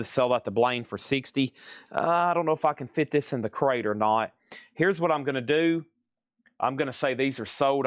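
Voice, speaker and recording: A man's voice: mid-range voice, clean tone, no room sound, clean studio sound. Folksy man running a record auction. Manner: brisk, repeats prices and names, folksy asides. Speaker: live auction seller. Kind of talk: live-stream sales patter. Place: record shop, moving between crates.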